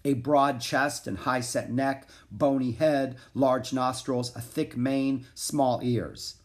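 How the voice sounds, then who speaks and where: A man reading aloud as a calm, wise older male teacher who explains things in a measured way. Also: medium pitch, lightly acted.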